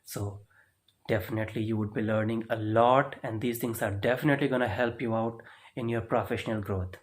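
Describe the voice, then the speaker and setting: A man's voice: lowish voice, steady tone, brisk. A man teaching a spoken lesson, explaining step by step and checking in with "right?" and "okay?". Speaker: English speaking teacher.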